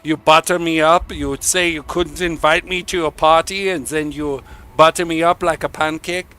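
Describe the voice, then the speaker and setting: A man's voice: fairly high pitch, fairly even intonation, moderate pace, bright, forceful tone, smooth, pitched above the performer's own voice. A man putting on an indignant foreign-accented man in a mock Scandinavian voice, complaining in a baffled, exaggerated way.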